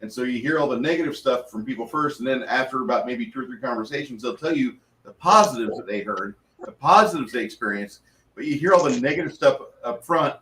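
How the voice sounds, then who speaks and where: A man rambles earnestly as a game master, often circling back and restarting. His voice sits at a middling pitch and sounds set back from the mic. The room is echoey, with a faint hiss behind him. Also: quick pace, bright, forceful tone, recorded from a distance. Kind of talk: casual chat after a tabletop game.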